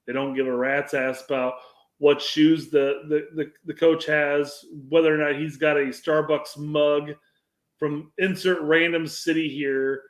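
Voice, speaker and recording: A man co-hosting a soccer podcast in casual chat, often halting and restarting his sentences. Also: a little high, level tone. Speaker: podcast co-host. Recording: roomy echo.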